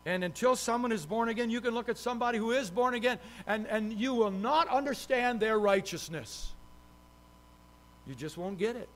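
A man's voice: high voice, normal speed. A man, a pastor, preaching a sermon with emphatic, repeated phrases.

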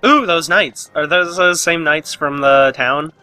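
A man's voice: a little high, a little slow, pushed and bright, clear, resonant tone, dry recording, faint music behind. A man joining a let's play as co-host, asking questions and making wisecracks. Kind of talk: casual gameplay chat.

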